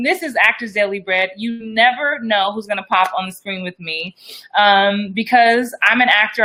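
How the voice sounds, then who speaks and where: Bright-voiced woman hosting a live stream. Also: medium pitch. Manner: upbeat, direct, addresses viewers. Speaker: host of an acting show.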